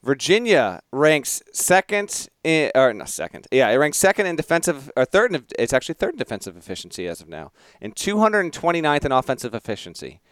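Playful man with a smooth lively voice. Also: a little high, no echo, clean studio sound. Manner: playful, quizzing, quick laughs. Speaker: podcast co-host. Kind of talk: casual sports podcast banter.

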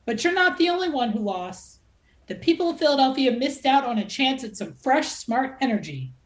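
A woman's voice: fairly high pitch, big pitch swings, moderate pace. A woman voicing a pompous, well-connected man giving a grandstanding, chummy toast. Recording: echoey room.

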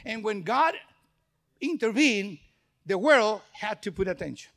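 A man's voice: sits high, a little slow, vocal fry, long pauses. A male pastor preaching a sermon, telling stories and acting out dialogue in English that is not his first language. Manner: animated storytelling, acts out dialogue; non-native English phrasing.

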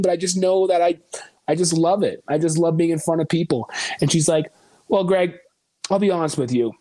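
A man's voice: a little high, brisk, no room sound. A young man from Canada, a country singer guest on a podcast, chatting casually and acting out the voices of people in his stories. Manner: animated storytelling, acting out quoted voices.

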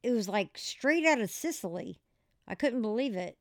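A woman guest in an interview, telling candid stories in an animated way and laughing as she goes. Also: on the high side, normal speed, no room sound, studio quality.

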